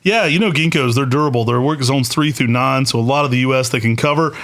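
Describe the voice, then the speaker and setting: A man's voice: medium pitch, fast, a bit bright. A man co-hosting a podcast, chatting casually and with enthusiasm, with plenty of "uh" fillers. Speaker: podcast co-host.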